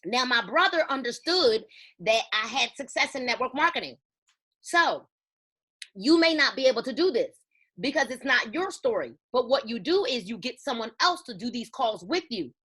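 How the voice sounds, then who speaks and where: A woman's voice: on the high side, sing-song, normal speed, sharp tone, husky. A woman giving a motivational talk to a sales team, emphatic and preachy, telling stories with quoted dialogue. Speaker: network marketing team leader.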